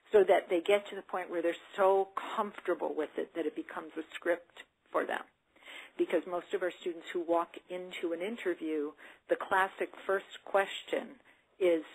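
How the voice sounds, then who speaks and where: A woman's voice: on the low side, steady tone, unhurried, breathy edge, low-quality recording. A middle-aged woman, an autism support specialist, answering questions in a webinar and acting out sample dialogues with students. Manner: earnest, explanatory, acts out student and coach dialogue.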